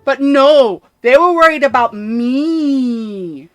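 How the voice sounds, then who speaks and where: A woman voicing a bitter, resentful former school outcast who speaks in a loud, accusing way. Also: high-pitched, animated, takes it slowly, smooth, faint music behind. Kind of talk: voicing game dialogue.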